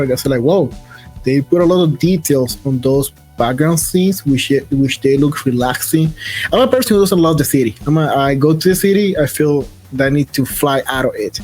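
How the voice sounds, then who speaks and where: A man with a Spanish accent hosting an interview, speaking haltingly and searching for English words. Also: mid-range voice, a little mellow. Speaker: podcast host. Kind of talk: casual interview chat.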